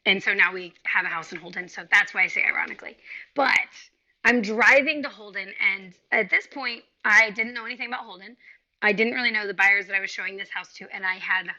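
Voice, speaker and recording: A woman real estate agent tells a work story on a podcast over a video call, animated and swearing freely, acting out every quote. Her voice is bright and sharp. The call audio sounds a little dull. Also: mid-range voice, fairly quick. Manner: animated, profane, acts out quotes. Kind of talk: casual storytelling chat. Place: home, remote video call.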